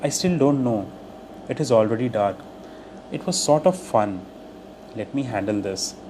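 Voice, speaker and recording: A man teaching English, reading short everyday phrases aloud one by one in a clear, deliberate way. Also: medium pitch. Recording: steady air-conditioner hum behind voice.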